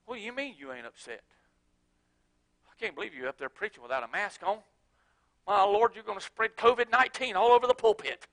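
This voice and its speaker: A man voicing a scolding churchgoer who nags with indignant, rapid complaints, in a low, hushed tone. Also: lively intonation, low-quality recording.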